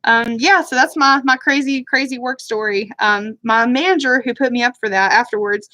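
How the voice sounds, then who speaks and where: A woman's voice: a little high, normal speed, bright, forceful tone, no room sound. A woman telling a rambling, self-deprecating story in casual chat while doing her makeup on a live stream, with a Southern US accent. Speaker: beauty vlogger. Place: home room, live stream.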